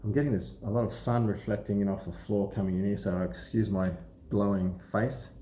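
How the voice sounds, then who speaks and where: A man with a somewhat low voice talks casually to camera, wandering through his points with plenty of ums and restarts. He sounds like a seasoned watch dealer sharing know-how. The room around him is noticeably echoey. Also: a little fast, a little hiss or hum. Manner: relaxed, rambling, lots of ums and restarts. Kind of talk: casual explanatory talk to camera. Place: sunlit indoor room.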